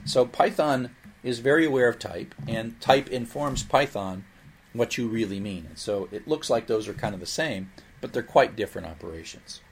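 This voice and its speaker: A man teaching programming in a recorded lecture, explaining in a lively way with playful asides. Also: mid-range voice, moderate pace, a little hiss or hum. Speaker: programming instructor.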